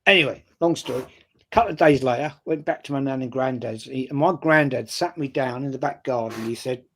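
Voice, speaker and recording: A man's voice: mid-range voice, a little fast, fairly bright tone. An older man with a London accent telling a long personal story in casual chat, often checking in with "right?". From North London. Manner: anecdotal, repeats "right?" often. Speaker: fan channel panelist.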